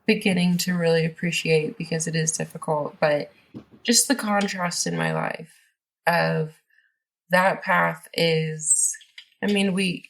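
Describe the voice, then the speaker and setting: A woman's voice: sits low, gravelly, a bit bright. A woman guest on a podcast, telling her story in a rambling, casual way with many fillers and restarts.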